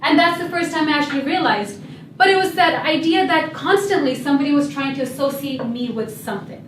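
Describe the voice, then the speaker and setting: A young woman in a storytelling talk speaks with a high, bright-pitched voice and a humorous, lively delivery. She sounds set back from the mic in an echoey hall, with faint room ambience behind her. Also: a little fast, far from the mic, slight background noise. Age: young adult. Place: event hall.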